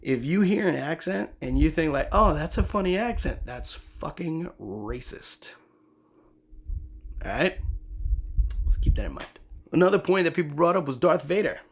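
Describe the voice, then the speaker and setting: A man who is a voice actor and the host of his own channel, giving emphatic, profane commentary to camera that swings between loud and soft. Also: a little high, expressive, a little slow, long pauses, breathy edge.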